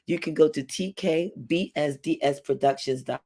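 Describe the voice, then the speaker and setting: A man's voice: fairly high pitch, normal speed, a little mellow. A man hosting a live-streamed music show, upbeat and chatty, talking straight to his audience. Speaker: host.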